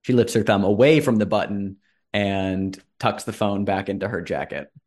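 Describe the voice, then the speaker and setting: A man's voice: lowish voice, moderate pace, darkish tone. A man narrating and running a tabletop role-playing game in a loose, conversational way. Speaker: game master.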